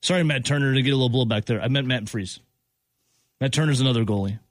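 A man's voice: mid-range voice, quick pace. A male sports talk host in an exasperated rant, hammering the same point over and over. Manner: exasperated, repeats points with emphasis.

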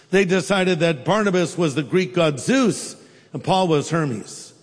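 High-voiced pastor with a humorous sermon. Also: male voice, animated, unhurried, in a large hall. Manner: conversational, humorous storytelling.

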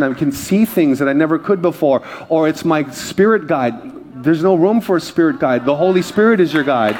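A male pastor preaching a conversational sermon to a congregation, telling a story in an animated way and often restarting his sentences. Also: a little high, a little hiss or hum. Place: church stage before a congregation.

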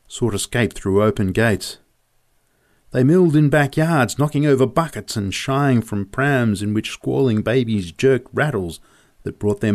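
A man's voice: on the low side, darkish tone. A man narrating a story in a vivid, descriptive reading.

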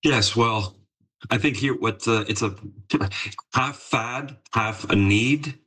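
A deep-voiced man with a husky edge answers interview questions casually. He hedges and fills his pauses, then jokes at his own expense. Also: bright, forceful tone, low-quality recording. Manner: chatty, self-deprecating, with hesitant fillers. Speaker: interview guest, marketing executive.

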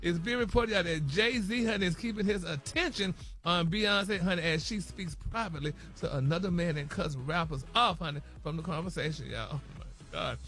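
A man's voice: sits high, fairly quick, fairly bright tone. A man presenting a celebrity gossip segment on a radio morning show, dramatic and peppering every line with "honey" and "y'all". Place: radio studio.

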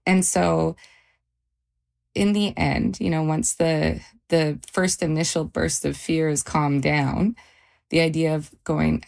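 A woman's voice sits low and carries a rough, gravelly edge. She recounts her own experience for a radio interview in a measured way, pausing and restarting as she goes. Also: fairly even intonation, darkish tone. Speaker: interview guest, mother. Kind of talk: personal account in a radio interview.

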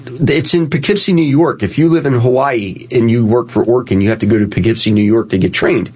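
A middle-aged man hosting a radio show about pest control, telling lively anecdotes in casual chat from a studio and laughing at his own stories. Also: medium pitch, brisk, husky.

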